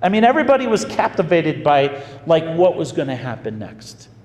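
A man preaching as a pastor, telling a story in an animated, folksy way. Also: on the high side, a little fast, slight background noise. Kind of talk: storytelling sermon. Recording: echoey hall with faint ambience.

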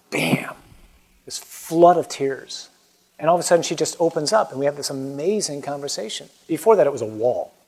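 Earnest priest preaching, slightly high. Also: male voice. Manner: earnest, emphatic, informal. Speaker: Catholic priest. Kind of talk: conversational preaching and prayer.

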